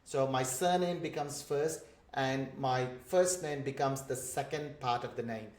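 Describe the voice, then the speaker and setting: A man's voice: mid-range voice, measured pace, darkish tone. A man from India with an Indian English accent, patiently explaining examples in an online course lesson. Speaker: instructor for migrant job seekers. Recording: roomy echoey room.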